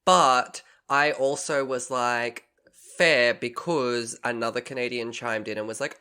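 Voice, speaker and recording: A man's voice: mid-range voice, fairly even intonation, a little slow, pushed and bright, clear, resonant tone. Chatty man slipping into voices. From Australia. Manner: chatty, slips into playful voices. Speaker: podcast co-host. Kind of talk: casual chat, storytelling.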